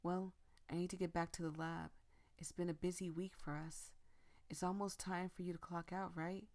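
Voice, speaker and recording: A woman's voice: fairly low pitch, little pitch movement, normal speed, a little mellow, close to an everyday voice. Woman reading as a teasing friendly coworker. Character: friendly, teasing young male lab coworker.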